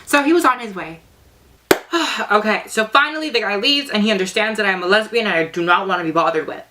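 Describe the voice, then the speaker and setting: A woman's voice: mid-range voice, fairly quick, background noise. A young woman telling a dramatic story in a casual vlog, sassy and heavily profane. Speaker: vlogger.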